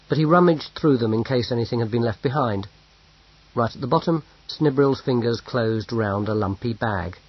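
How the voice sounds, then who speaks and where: A man narrating an audiobook in a measured storytelling manner. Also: medium pitch, breathy edge. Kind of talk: scripted narration. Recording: dull lo-fi audio.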